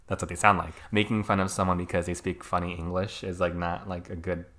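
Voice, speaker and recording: A young man with a very low, deep voice hosts a relaxed podcast conversation. He thinks out loud, hedging and filling his sentences with "like" as he works through his views. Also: quick pace. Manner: thoughtful, many fillers and hedges. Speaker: podcast host. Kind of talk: casual conversation.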